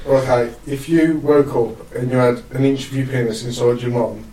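A man's voice: mid-range voice, steady tone, moderate pace, mellow, far from the mic. A man asking crude silly questions in group banter. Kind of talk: crude banter among friends. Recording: roomy, off-mic, group chatter.

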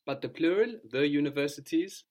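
A man's voice: a little high, lively intonation, brisk, darkish tone. A man teaching a language lesson, patiently prompting and correcting a learner.

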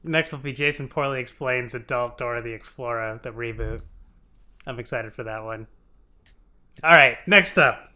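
A man's voice: medium pitch, moderate pace, sharp tone. A man co-hosting a podcast, telling a show recap as a comedy bit, swearing freely and laughing often. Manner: profane, giggly storytelling. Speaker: podcast co-host.

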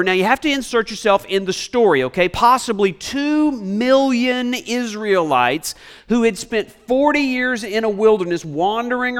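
A male pastor preaching a sermon, swinging from loud emphatic lines to soft quiet ones and dropping in joking asides. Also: high-pitched.

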